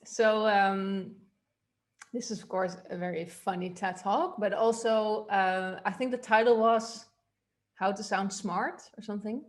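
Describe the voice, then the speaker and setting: Female voice coach, mid pitch, casual explanatory delivery with ums and uhs. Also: a little slow. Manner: relaxed, explanatory, with fillers. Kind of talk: teaching a voice workshop.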